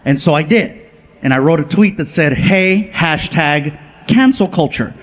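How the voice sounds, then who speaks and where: A man doing stand-up, telling stories in an animated way and jumping into quick voices for the people in them. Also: fairly high pitch. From Southern California. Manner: animated, acts out family and friends in quick voice switches. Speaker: stand-up comedian. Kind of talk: stand-up storytelling. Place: comedy stage before a live audience.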